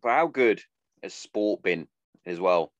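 Man, 30s, podcast host; lowish voice, dry close sound, loose sweary ramble. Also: lively intonation, slow pace, dry recording, muffled recording. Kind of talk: casual monologue.

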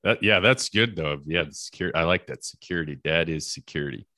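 A man's voice: low-pitched, fairly quick, pushed and bright, dry recording, clean studio sound. A man hosting a podcast interview, chatty and encouraging, often affirming his guest. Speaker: podcast host. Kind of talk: casual interview talk.

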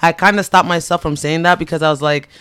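A man's voice: fairly high pitch, fast talker, smooth, no room sound. A man who teaches English, telling stories in a casual group chat and acting out what other people said. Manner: animated storyteller, quotes others.

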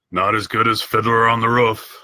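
Bright-voiced wry male co-host. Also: medium pitch, animated, measured pace, vocal fry, dry recording, clean studio sound. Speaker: podcast co-host. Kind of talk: casual chat.

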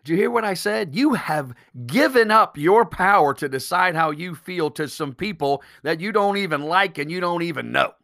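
A man's voice: high-pitched, lively intonation, normal speed, few pauses, a bit bright. A man hosting a solo podcast, talking bluntly and emphatically, swearing freely and firing off rhetorical questions. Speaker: podcast host.

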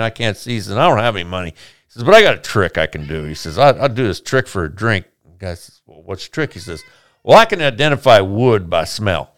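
A man tells a long bar joke in a loose, rambling way, slipping into each character's lines as he goes. His voice is smooth and clear, recorded close and dry. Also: fairly low pitch, no echo. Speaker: podcast host telling a joke. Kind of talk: casual joke telling.

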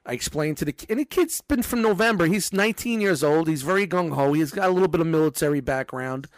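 A man's voice: a little high, fast talker, dry recording. A man managing a store department, chatting casually and telling profane stories with acted-out quotes. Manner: profane, storytelling, acts out quotes. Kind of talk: casual chat.

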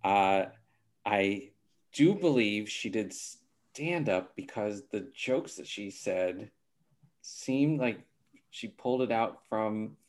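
A man's voice: fairly low pitch, animated, slow pace, a little mellow. A man hosting a casual game show over a video call, thinking aloud and hesitating often.

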